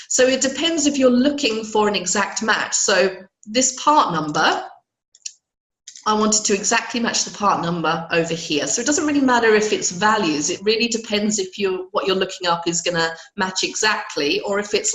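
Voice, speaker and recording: A woman with a hoarse voice teaching spreadsheet functions in a live webinar, patiently checking in with her listeners. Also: medium pitch, a bit bright, roomy sound, poor audio. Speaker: Excel trainer.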